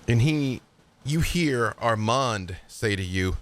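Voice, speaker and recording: A man's voice: mid-range voice, animated, takes it slowly, fairly bright tone, slight background noise. A man narrating a tabletop game as game master in a laid-back way, with fillers.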